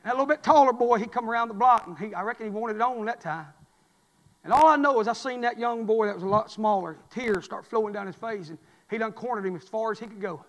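A man preaching a sermon, telling folksy stories and swinging from loud cries to low murmurs. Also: fast talker, in a large hall.

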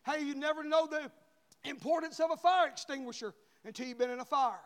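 Male pastor, high-pitched, shouting then hushed, call-and-response sermon in a church with long reverb. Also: fairly quick. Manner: call-and-response preaching, swings between shouting and hushed tenderness. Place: church sanctuary.

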